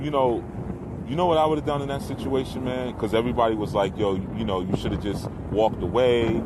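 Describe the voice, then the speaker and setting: A middle-aged man talking loosely outdoors by the water in a rambling way, with profanity, as a spiritual teacher. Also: mid-range voice. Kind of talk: casual outdoor monologue. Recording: windy outdoor noise.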